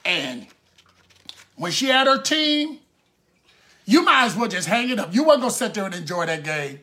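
A man preaching a sermon, drawing out his phrases and breaking into shouted bursts of emphasis. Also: high voice, big pitch swings, moderate pace.

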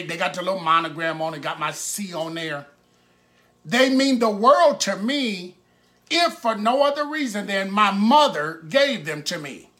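A man's voice: sits high, sharp tone. A man preaching a sermon in a conversational storytelling way, acting out the people in his stories.

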